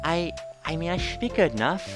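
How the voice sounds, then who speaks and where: A man's voice: a little high, expressive, fairly quick, music in the background, voice pushed up, close to an everyday voice. A man voicing a shy, timid teenage bookworm girl who stammers and hesitates.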